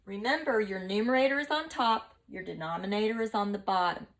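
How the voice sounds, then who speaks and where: Brief: woman teacher, recorded online math lesson, lively and playful, chatty. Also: medium pitch, brisk.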